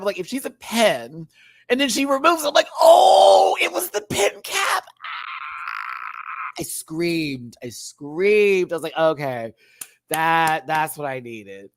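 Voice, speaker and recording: A man in his thirties chatting casually as a reviewer, spinning stories from school and the stage. He swears freely and breaks into laughter, his voice jumping between low asides and high yelps. The sound is dry and close. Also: dry recording. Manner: animated storytelling, swears freely, bursts into laughter and squeals. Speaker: drag show reviewer. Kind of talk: casual reaction chat.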